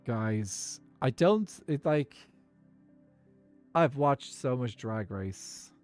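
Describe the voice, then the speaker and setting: Speaking very slowly with lively intonation, this Irish man chats and rambles while streaming Minecraft and reading his chat, often breaking into laughter. His medium-pitched voice is a little mellow, and soft music plays in the background.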